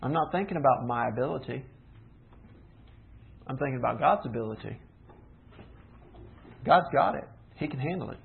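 A man preaching a sermon, teaching earnestly with rhetorical questions and slowing down for emphasis. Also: medium pitch, gravelly. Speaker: pastor. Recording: tinny phone-like sound.

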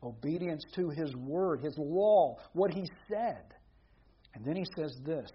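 A man preaching a sermon in a conversational way, with rhetorical questions, dropping to a hush and then rising to emphatic points. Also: on the high side, expressive, measured pace, breathy edge, lo-fi sound.

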